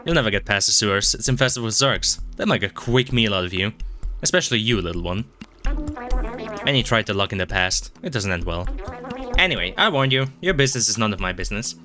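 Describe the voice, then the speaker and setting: A man voicing a grim, aloof male robot barkeep in a video game, giving a low, flat warning. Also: brisk, over music, natural voice.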